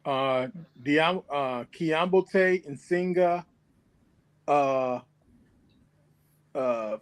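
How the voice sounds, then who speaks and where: A man practices phrases in a language class, speaking very slowly and trying words more than once. His voice is smooth and clear, a little high. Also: no echo. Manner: hesitant, tries and retries words. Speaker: language student.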